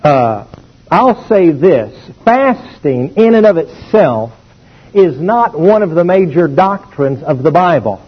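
A man preaching in church, his husky voice swinging up and down as he stresses each point. He teaches emphatically and asks the congregation to say words back to him. The old recording sounds dull and lo-fi. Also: on the high side, takes it slowly. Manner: emphatic, animated teaching with call-and-response. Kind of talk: sermon.

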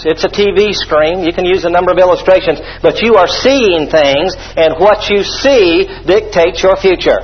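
A man's voice: a little high, breathy edge, dull audio. A man preaching a sermon with emphatic delivery, leading the congregation in call-and-response and sprinkling in hallelujahs and amens.

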